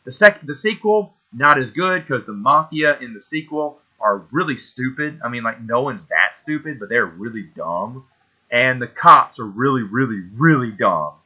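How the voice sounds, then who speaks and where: Excitable male host with a sharp, bright voice riffing on movies, recorded a bit dull and lo-fi. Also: mid-range voice, moderate pace. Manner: enthusiastic, rambling, loses names mid-sentence. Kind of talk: casual solo movie talk.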